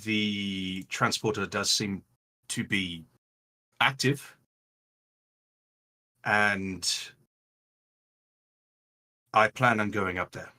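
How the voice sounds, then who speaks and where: A man voicing Raylan, a calm grown leader in a tabletop game, speaking in a measured, earnest way. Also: on the low side, voice pushed down, full character voice.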